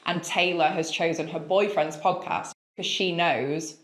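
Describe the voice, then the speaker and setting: A woman chatting as a podcast guest, animated and quick to laugh. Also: on the low side, roomy sound. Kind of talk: casual podcast chat.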